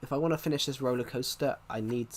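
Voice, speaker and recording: A man's voice: medium pitch, a little hiss or hum. A young man chatting casually on a live stream while gaming, rambling and restarting his sentences. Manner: rambling, halting, many restarts.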